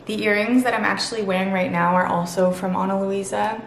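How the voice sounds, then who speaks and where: A woman's voice: medium pitch, fairly even intonation, fairly quick, slight background noise. A woman vlogger talking casually and gushing about things she loves, chatty and upbeat. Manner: gushing, chatty, lots of "super" and "literally". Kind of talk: casual sponsored vlog talk. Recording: echoey room.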